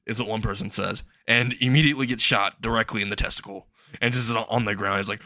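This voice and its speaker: A man's voice: fairly low pitch, fairly even intonation, fast talker, pushed and bright, no room sound, studio quality. Young man rambling through a goofy story. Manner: rambling, laughing at own jokes. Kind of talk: improvised comedic fan story narration.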